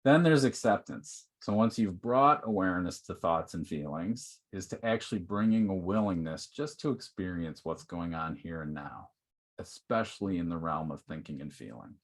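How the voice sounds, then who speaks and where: Low-voiced man teaching casually. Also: lively intonation, moderate pace. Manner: conversational, uses many fillers like "like" and "okay". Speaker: workshop presenter. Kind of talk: online teaching talk.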